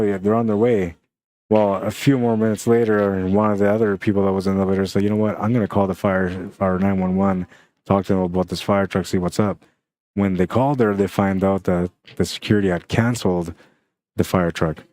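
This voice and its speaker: A man casually telling a long story about being stuck in an elevator, full of "man" and "right?" and quick acted-out quotes. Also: fairly low pitch. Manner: animated, lots of "man" and "right?". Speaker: stream commentator.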